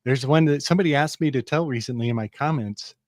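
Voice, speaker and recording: A man's voice: medium pitch, fast talker, dry recording, studio quality. A man co-hosting a casual talk show, reflecting on his work and telling a rambling folk tale with many restarts.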